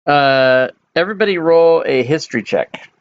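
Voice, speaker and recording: A man running a tabletop game as dungeon master, explaining slowly with frequent hesitations. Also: on the high side, lively intonation, muffled recording. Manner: unhurried, hesitant with many ums.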